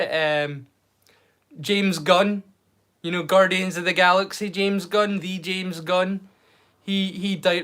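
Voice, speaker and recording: Chatty man from the far north of the UK hosting a live stream, fairly high-pitched, rambling delivery. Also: a bit bright. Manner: rambling, chatty, frequent restarts. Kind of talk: casual live-stream chat.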